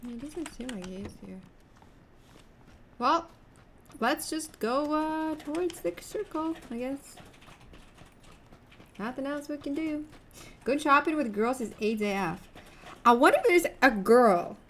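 A woman's voice: sits high, lively intonation, measured pace, long pauses, a little hiss or hum. A young woman streaming a game live, chatting with viewers and a teammate in a rambling, giggly way. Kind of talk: casual live-stream chat while gaming.

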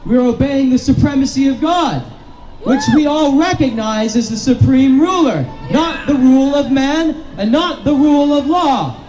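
High-voiced man declaiming at a rally. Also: moderate pace, reverberant, over music, low-quality recording. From Canada. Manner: declamatory, repetitive slogans, rising to shouts. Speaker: rally speaker. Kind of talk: impassioned outdoor rally speech. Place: street protest outdoors in the rain.

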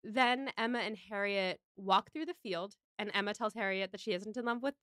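Smooth-voiced woman recapping a film. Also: mid-range voice, fairly quick, fairly bright tone, no room sound, studio quality. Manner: enthusiastic, rambling plot recaps. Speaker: podcast co-host. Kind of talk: casual chat, recapping a film.

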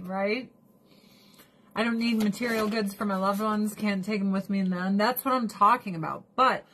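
A woman's voice: medium pitch, fairly bright tone, breathy edge. A middle-aged woman streamer chatting casually with her viewers, blunt and profane, ranting with animation.

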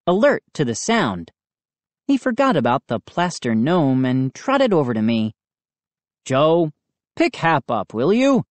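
A woman reading a spooky children's storybook aloud with expressive, dramatic narration. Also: deep voice, no echo. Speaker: audiobook reader.

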